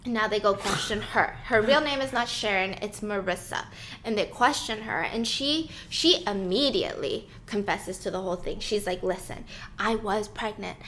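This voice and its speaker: A woman casually telling a true-crime story to a co-host, acting out the people in it with lively voices. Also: mid-range voice, moderate pace, slight background noise. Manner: animated, acts out quoted people.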